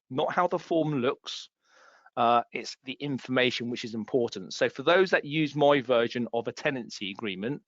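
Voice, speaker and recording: A man's voice: mid-range voice, fairly bright tone, no echo. Man teaching in a dull, dry recording. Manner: explanatory, repeats key points with emphasis. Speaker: property law trainer. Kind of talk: webinar presentation.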